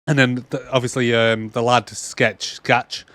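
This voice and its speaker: A man's voice: mid-range voice, level tone, unhurried, fairly bright tone, no room sound. A young man, co-hosting a casual film podcast, laughing a lot and acting out lines in silly voices. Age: young adult. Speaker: podcast co-host. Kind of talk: casual film review chat. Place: cold room.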